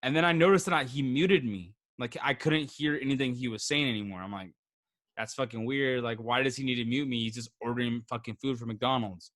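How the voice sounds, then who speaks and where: A young man co-hosting a podcast, telling an animated, teasing story with lots of swearing. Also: medium pitch, brisk, no echo, clean studio sound. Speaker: podcast co-host. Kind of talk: casual chat.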